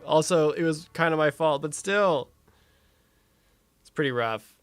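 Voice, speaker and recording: A man's voice: a little high, measured pace, clean tone, dry recording, faint music behind. A young man streaming, chatting casually with viewers, swearing and laughing often and reading chat aloud.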